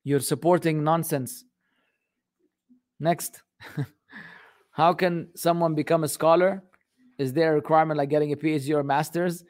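A man with a fairly high voice runs a casual question-and-answer session. He answers bluntly, often exasperated and joking, and drops Arabic phrases into his talk. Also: steady tone, a little slow, long pauses, a little mellow. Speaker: host answering viewer questions. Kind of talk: casual live Q and A.

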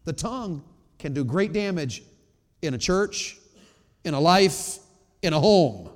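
A man preaching a sermon in a church, swinging between loud emphatic peaks and low quiet asides. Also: animated, a little slow. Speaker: pastor. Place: church sanctuary. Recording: long reverb of a large church hall.

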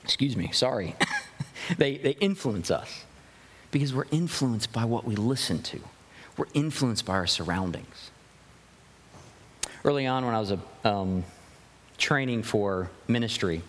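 A man's voice: mid-range voice, expressive, a little slow, long pauses, fairly bright tone. A young man preaching a sermon as pastor, earnest and full of rhetorical questions, often restarting his phrases. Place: church sanctuary. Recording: long hall reverb.

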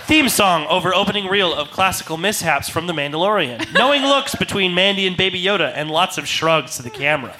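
Bright lively man narrating a comedy sketch, faint noise. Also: sits high, brisk, hardly any pauses, rough recording. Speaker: narrator reading stage directions.

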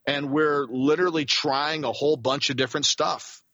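A man who works as a voice actor, telling a rambling, animated story as a guest in a casual interview. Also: fairly high pitch, normal speed, dry recording, dull audio.

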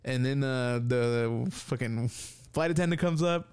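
A man's voice: mid-range voice, normal speed, clear, resonant tone. A man telling a story in casual chat, swearing freely and acting out what people said. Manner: animated, swears a lot, acts out quotes.

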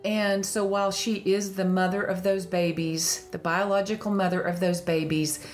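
A woman's voice: fairly low pitch, little pitch movement, moderate pace, faint music behind. A woman with a Southern country accent hosting a casual faith-based podcast, laughing often and telling stories with animation. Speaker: podcast host.

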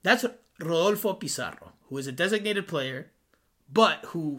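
A man with a bright, forward voice sitting fairly high for a man. He co-hosts a sports podcast in loose, casual chat. He talks in an animated, often sarcastic way, with sudden jumps in pitch. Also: unhurried. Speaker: podcast co-host.

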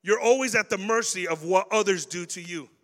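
A man preaching a sermon to young people, animated and acting out everyday scenes as he talks. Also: high-pitched, brisk, big-room sound.

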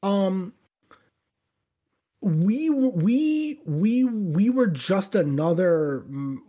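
A man's voice: high voice, very animated, drawn-out words, warm tone. A man co-hosting a podcast in casual chat, losing his voice, rambling and restarting his sentences. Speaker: podcast co-host.

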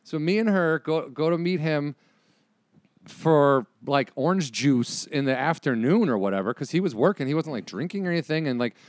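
A man's voice: fairly high pitch, moderate pace, dry recording. A man in his forties on a podcast, telling stories with energy and acting out quoted lines. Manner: animated storyteller, acts out quotes. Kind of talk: casual chat.

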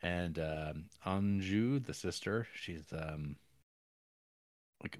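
Man, low voice, casual podcast chat, rambling, wry, swears, dry close mic. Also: extremely slow, long pauses, no echo. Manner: rambling, filler-heavy, wry and profane. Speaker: podcast co-host. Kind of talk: casual film recap.

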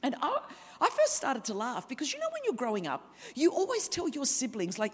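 An Australian woman in her fifties preaching a sermon, telling her own story with lively humorous asides. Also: very high voice, brisk. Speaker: guest preacher. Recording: reverberant hall.

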